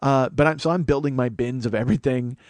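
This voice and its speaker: A man's voice: mid-range voice, fast talker, darkish tone, dry recording. A man, a comedian and podcast host, telling a profane, exasperated comic story.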